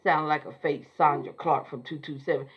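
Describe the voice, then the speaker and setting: A woman's voice: deep voice, steady tone, normal speed, highs cut off, a little hiss or hum. A woman giving a chatty, sassy, slang-filled casual recap of a TV episode. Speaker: show recapper.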